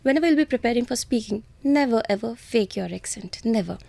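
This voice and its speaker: High-voiced Indian woman giving earnest advice. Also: lively intonation, fast talker, vocal fry, mellow. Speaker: IELTS trainer, interview guest.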